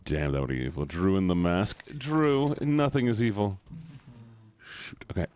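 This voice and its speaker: A male streamer giving excitable, casual commentary on a game, swearing and laughing as he goes. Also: sits low, moderate pace.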